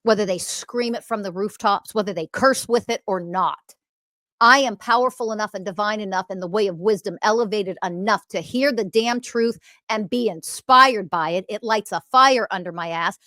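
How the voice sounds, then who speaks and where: A woman hosting a podcast, delivering a confrontational, profane ranting monologue that swings from loud emphasis to quiet muttering. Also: medium pitch, normal speed, dry recording, studio quality. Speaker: podcast host.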